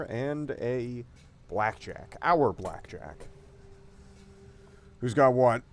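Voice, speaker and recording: A man streams a strategy game, casually thinking aloud with fillers and the occasional swear word while reading dialogue aloud as part of his commentary. His medium-pitched voice is animated yet very slow, with frequent pauses and a bit of hiss or hum.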